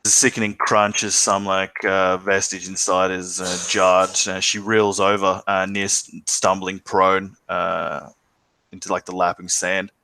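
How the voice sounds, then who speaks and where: A man's voice: low voice, level tone, a little slow, vocal fry, pushed and bright, no room sound. A man narrating as game master of a tabletop game, describing scenes with frequent filler words.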